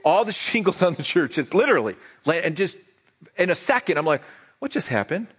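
A middle-aged male pastor preaching in a relaxed, joking way, with a slightly high voice that swings animatedly up and down. He often stumbles into sentences by repeating a word or two before finding his point. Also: fairly quick, breathy edge. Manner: conversational, joking, repeats words when starting sentences. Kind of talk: sermon.

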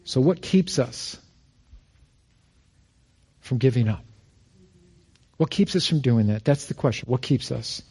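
Earnest pastor preaching with dark husky voice. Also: male voice, mid-range voice, takes it slowly, long pauses. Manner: storytelling, quotes others in lively voices. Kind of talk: sermon.

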